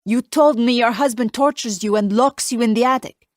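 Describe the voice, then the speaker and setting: A woman's voice: fairly high pitch, normal speed, no echo, voice pushed up, lightly acted. An insistent, protective Italian gardener with an Italian accent, as a woman reads him. He speaks in short, clipped demands in a dry, close audiobook recording. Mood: urgent.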